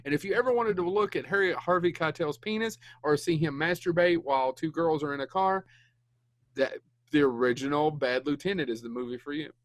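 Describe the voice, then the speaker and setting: A man's voice: on the high side, a little fast, dry recording. Wisecracking podcast man, dry sound. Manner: wisecracking, interjecting jokes. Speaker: podcast co-host. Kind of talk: casual chat.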